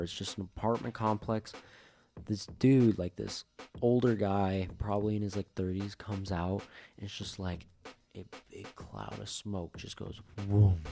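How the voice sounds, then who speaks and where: A man's voice: lowish voice, vocal fry, warm tone, a little hiss or hum. A young man co-hosting a podcast in a casual, rambling storytelling style, full of fillers. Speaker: podcast co-host. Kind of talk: casual chat.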